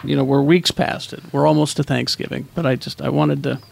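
A man hosting a casual chat show, playful and halting, telling a story in a hushed spooky way. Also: mid-range voice, steady tone, creaky. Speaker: podcast host.

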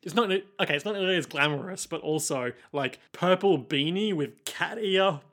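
Man, slightly high voice, rambling comic co-host who laughs a lot and acts out scenes. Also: moderate pace. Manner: rambling, animated, often laughing, acts out lines. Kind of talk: casual comedic movie recap chat.

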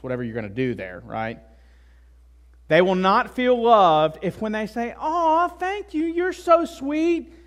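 A male pastor delivering a sermon in a conversational way, with frequent asides and tag questions. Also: fairly high pitch. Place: church.

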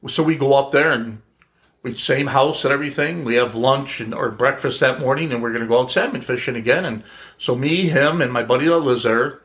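A man's voice: medium pitch, brisk, fairly bright tone. A middle-aged man telling a story casually to family, with a playful, laugh-prone manner. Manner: laughs often, playful prankster. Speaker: guest storyteller.

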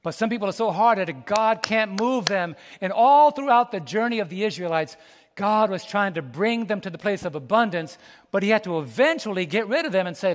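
An American pastor delivers a sermon in a high, lively voice at a fairly quick pace, tossing questions back to the congregation in animated call-and-response. He laughs between folksy, homespun stories, and his words echo with the long reverb of a church sanctuary.

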